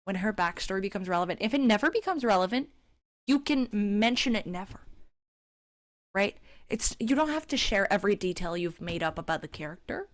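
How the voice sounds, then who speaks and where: A woman's voice: medium pitch, expressive, brisk, dry recording, studio quality. A woman giving sarcastic, exasperated commentary while reviewing a webcomic, with frequent swearing. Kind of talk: casual commentary reading.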